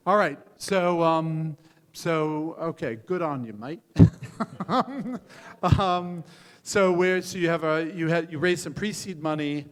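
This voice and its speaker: An older man, a venture capitalist, giving frank, joking feedback on startup pitches, with many restarts and fillers. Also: steady tone, measured pace, clear, resonant tone. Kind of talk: live pitch coaching. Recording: hall reverb.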